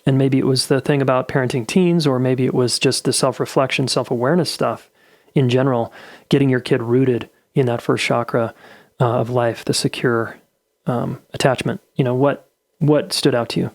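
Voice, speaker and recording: A man's voice: medium pitch, steady tone, normal speed, no echo, clean studio sound. Easygoing male podcast host. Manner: easygoing, affirming, many "uh" fillers. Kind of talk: podcast interview and outro.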